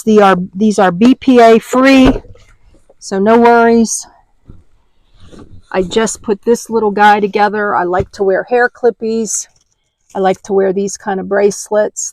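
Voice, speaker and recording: A woman's voice: medium pitch, darkish tone, no room sound, poor audio. An older woman giving a chatty, homey show-and-tell tour from inside her parked car, naming items one by one. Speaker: vlogger.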